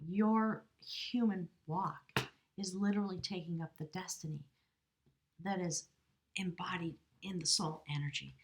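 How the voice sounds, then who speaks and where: A middle-aged woman reads tarot cards to camera in a low, breathy voice. She talks slowly and earnestly, in a spiritual tone, and keeps slipping into a hushed whisper. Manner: soft, slow, drifting into whispers. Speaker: tarot reader. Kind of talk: channeled tarot reading to camera.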